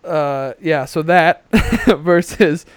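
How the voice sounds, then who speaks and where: Young male podcast co-host, brisk profane rants, smooth tone, dry headset sound. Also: a little high, no room sound. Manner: ranting, profane, animated. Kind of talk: casual podcast chat.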